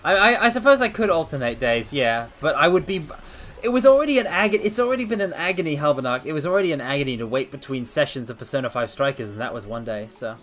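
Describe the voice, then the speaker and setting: A man streaming casual chat, theatrical and animated, calling his viewers mortals, a little out of breath. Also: medium pitch, quick pace, few pauses. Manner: animated, swings between loud outbursts and mock apologies. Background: faint background music.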